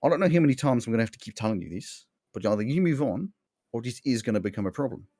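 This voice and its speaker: A man's voice: medium pitch, animated, racing, dark tone, no echo, studio quality, natural voice. A man voicing a menacing adult male thug with a bat, his accent wandering between two. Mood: threatening. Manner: mixed inconsistent accents, menacing.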